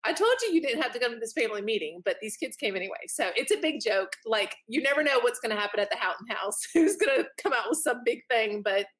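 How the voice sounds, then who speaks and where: A woman, a podcast guest telling a story in a lively way and acting out what others said. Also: fairly high pitch, quick pace, hardly any pauses. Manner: animated, laughing, acts out quotes. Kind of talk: casual storytelling.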